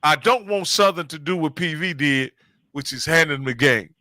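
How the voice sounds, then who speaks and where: A man's voice: fairly high pitch, moderate pace, sharp tone, no echo. A man hosting a casual sports chat, conversational and emphatic.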